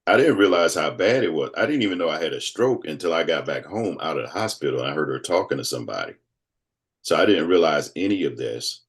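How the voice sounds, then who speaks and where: A man in his fifties, a guest telling a personal story in casual conversation, animated and acting out other people's voices. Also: rumbling low, fast talker. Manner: animated storyteller who acts out quoted voices.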